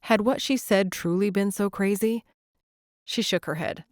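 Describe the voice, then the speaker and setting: A woman reading a romantic comedy audiobook in gentle, even narration. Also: medium pitch, normal speed, no room sound, clean studio sound. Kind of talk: scripted narration.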